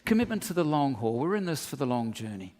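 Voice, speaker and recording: A middle-aged Australian man preaching a sermon as pastor, telling animated stories with humorous asides. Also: mid-range voice, fast talker. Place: church hall. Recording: long reverb of a church hall.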